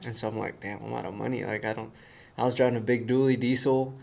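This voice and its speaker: A man telling a story in casual conversation, animated and acting out the voices of the people in it. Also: medium pitch, fast talker, creaky. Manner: animated storyteller who acts out quoted voices. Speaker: guest.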